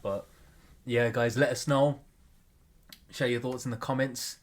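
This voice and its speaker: A man's voice: medium pitch, steady tone, moderate pace, pauses often, faint music behind. A man co-hosting a podcast, chatting in a slangy, laid-back way. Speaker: podcast co-host. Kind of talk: casual chat.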